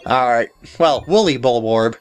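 A woman hosting a let's play, giving giggly, self-mocking commentary as she plays. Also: very deep voice. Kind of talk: gameplay commentary.

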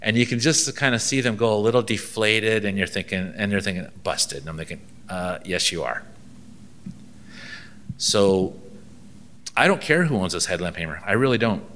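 A man with a low-leaning, bright and forceful voice gives a seminar, drifting into anecdotes. He acts out little exchanges with a dry, wry sense of humor. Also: lively intonation, a little fast. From Canada. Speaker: ministry inspector giving a seminar.

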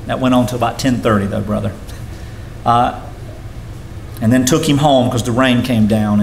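A man preaching a sermon as a pastor. His voice climbs and falls sharply as he preaches. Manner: preaching with sudden rises and drops in pitch. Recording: echoey room sound with faint noise.

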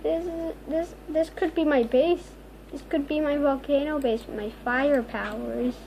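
Woman host, high voice, unhurried delivery, excitable gameplay commentary with squeals. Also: vocal fry, slight background noise. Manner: excitable, frequent squealing exclamations. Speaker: gaming video host.

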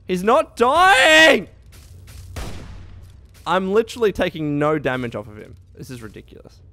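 A young man narrates his gameplay with a high, bright voice. His pitch lurches from low grumbling mutters to sudden yelps and shouts. He curses constantly and sounds exasperated at his enemies. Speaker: let's play gamer. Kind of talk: gameplay commentary.

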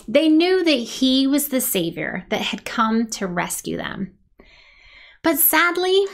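A woman leading a children's worship service, telling a Bible story with lively sound effects and cheers for the kids to join. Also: sits high, creaky. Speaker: children's ministry leader.

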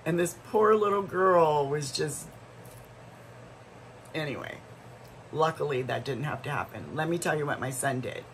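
A woman's voice: sits low, expressive, unhurried, long pauses, slight background noise, rough recording. A middle-aged woman vlogger telling a story in a casual, rambling way, full of asides and restarts.

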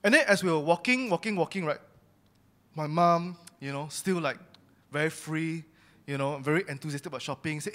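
A man's voice: on the high side, fairly quick, pushed and bright. A young man giving a personal testimony sermon at church, telling his story candidly and confessing his own faults. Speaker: church speaker sharing testimony.

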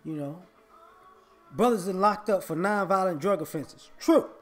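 A man's voice: high-pitched, moderate pace, a bit bright, faint music behind. A man, delivering an emphatic, confrontational opinion monologue as a vlogger.

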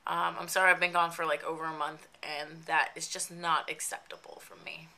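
A young woman with a stuffy nose and a slightly raspy voice, chatting casually in a vlog update with lots of fillers. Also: deep voice, flat delivery, fairly quick, bright, forceful tone. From New Jersey. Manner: chatty, rambling with many fillers. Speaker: makeup vlogger.

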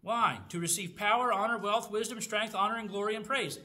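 A man's voice: sits high, brisk, bright, forceful tone. A man teaching a Bible study in a conversational way, asking rhetorical questions and reading scripture aloud.

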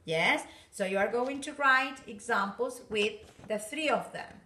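A woman teaching an English class, slow and patient, often checking in with "yes, okay?". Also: on the high side, bright, forceful tone, far from the mic, a little hiss or hum. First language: Spanish. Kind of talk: recorded online class. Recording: roomy, from off-mic.

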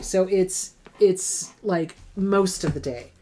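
A woman's voice: mid-range voice, takes it slowly, darkish tone, slight background noise. Frank, emphatic middle-aged woman therapist. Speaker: therapist host answering viewer questions. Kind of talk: advice Q&A.

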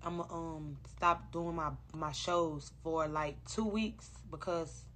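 A woman's voice: sits low, slow, a bit bright, a little hiss or hum. A woman chatting loosely and profanely to fans on a livestream, recorded on a phone. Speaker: rapper on a livestream. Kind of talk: casual livestream chat to fans.

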